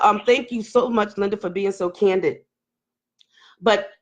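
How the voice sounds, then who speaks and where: A woman in her forties hosting a candid live-stream talk, speaking emotionally and laughing nervously as she opens up. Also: mid-range voice. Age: 40s. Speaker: host.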